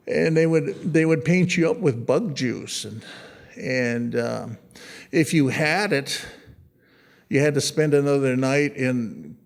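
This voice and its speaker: A man in middle age gives a casual museum talk about his own artwork, his voice sitting a little higher than most men's. He wanders from story to story, stumbles over his own words, and breaks in with small jokes. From United States. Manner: rambling, anecdotal, with self-corrections and a joking tone. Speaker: artist giving a talk about his photographs. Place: art museum.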